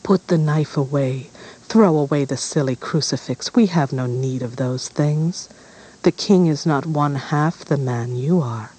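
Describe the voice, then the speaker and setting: A man's voice: on the high side, measured pace, darkish tone, breathy edge, poor audio. A man voicing a seductive, scheming witch queen with a coaxing manner in a storybook reading.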